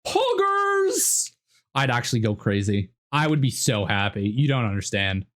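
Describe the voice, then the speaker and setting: A young Canadian man with a Canadian accent chatting excitedly while streaming a game. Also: lowish voice, brisk. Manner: excitable, animated. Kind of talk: casual gameplay commentary.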